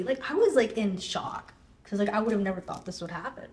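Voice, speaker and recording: A young woman chats about herself in a relaxed, rambling way, leaning on "like" and bursting into quoted reactions. Her voice sits at a middle pitch and carries a noticeable room echo around it. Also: a little fast. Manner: chatty, fillers of "like", animated quoting of others. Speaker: singer guest. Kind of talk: casual interview chat. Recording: roomy echo.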